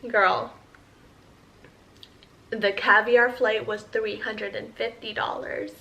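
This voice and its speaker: A woman's voice: on the high side, fairly even intonation, slow, gravelly, long pauses, a bit bright, rough recording. A pregnant woman in her thirties, a mom vlogger chatting candidly with her viewers in a casual Q&A update.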